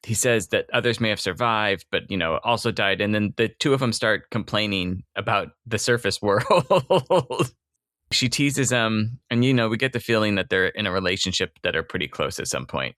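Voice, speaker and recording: Podcast guy, lower voice but bright and forward, laid back, laughs a lot. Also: moderate pace, dry recording, studio quality. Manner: relaxed, laughs often while summarizing. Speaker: podcast co-host. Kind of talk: casual book-recap chat.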